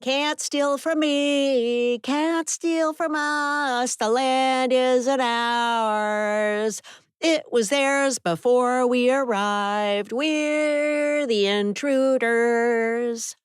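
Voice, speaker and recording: An odd grown man, as a woman narrator puts him on chants in a slow, lilting sing-song. The voice rises far above her own and stretches each phrase, in a dry audiobook read. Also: high-pitched, fairly even intonation, dry recording, pitched above the performer's own voice. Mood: eerie sing-song.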